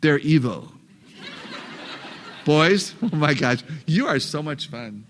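Animated, joking speaker addressing parents. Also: male voice, on the high side, slow, slight background noise. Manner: animated, joking, asks the audience questions. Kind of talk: live talk to an audience of parents.

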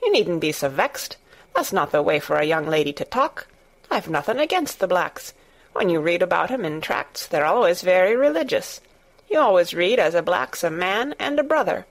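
A woman's voice: lowish voice, big pitch swings, normal speed. A woman voicing a plainspoken, friendly young housemaid with a Yorkshire accent and homely dialect, in an audiobook. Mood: chatty. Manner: blunt, homely dialect with thee and thou. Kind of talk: audiobook character voice.

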